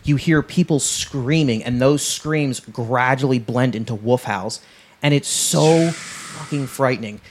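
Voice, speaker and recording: A man's voice: mid-range voice, measured pace, a little hiss or hum. A man chatting casually on a podcast, rambling enthusiastically with many restarts. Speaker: podcast panelist. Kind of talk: casual chat about horror films.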